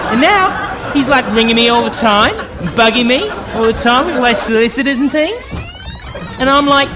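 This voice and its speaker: A woman playing a crude, smug female comedian who talks with rising uptalk. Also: high-pitched. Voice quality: uptalk, brash. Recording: crowd and noisy ambience.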